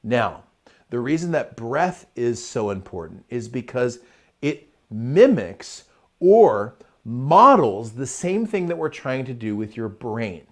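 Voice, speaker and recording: A middle-aged man talks energetically on a live stream, his pitch swinging widely as he builds up to a point and then drops back down. He sounds chatty and relaxed, breaking off to greet viewers in the chat. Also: takes it slowly. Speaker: host of a live motivational show. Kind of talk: live-streamed motivational talk.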